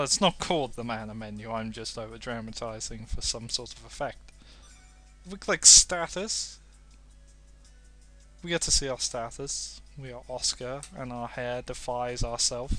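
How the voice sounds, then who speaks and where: A man's voice: mid-range voice, bright, forceful tone. Playful British man commentating a game. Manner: playful and self-mocking. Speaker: let's play host.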